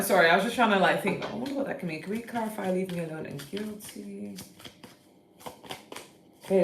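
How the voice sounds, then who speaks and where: A woman with a morning-rough voice giving a casual tarot card reading, chatty and thinking aloud as she turns the cards. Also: on the low side, echoey room. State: early-morning voice. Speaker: tarot reader.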